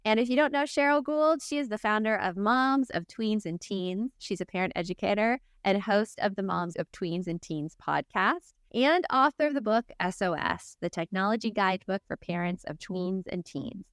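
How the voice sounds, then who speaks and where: A chatty woman hosts a parenting podcast with a smooth, clear voice. Her sound is dry and close, with no room behind it. She laughs easily and acts out quotes as she talks. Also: mid-range voice, expressive, normal speed, hardly any pauses, no room sound. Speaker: podcast host. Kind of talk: casual interview chat.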